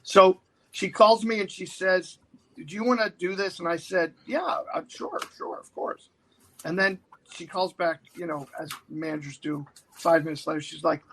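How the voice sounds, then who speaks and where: A man in his fifties tells a long, lively anecdote in casual talk. His voice sits high and sounds bright and forceful. He keeps jumping into quick impressions of the people in the story. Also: rough recording. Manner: animated anecdote-teller who slips into quoted voices. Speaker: guest actor.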